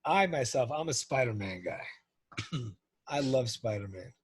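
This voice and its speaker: A man's voice: mid-range voice, expressive, unhurried, husky, no echo. A man chatting casually and enthusiastically on a podcast. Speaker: podcast co-host. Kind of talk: casual chat.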